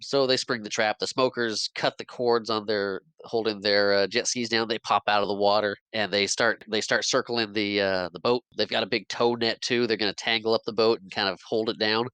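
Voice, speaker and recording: Low, bright-voiced man recapping a movie. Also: fairly even intonation, fairly quick, few pauses, clean tone, no room sound, rough recording. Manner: retells scenes at length with many restarts and little laughs. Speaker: podcast co-host. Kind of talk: casual movie recap chat.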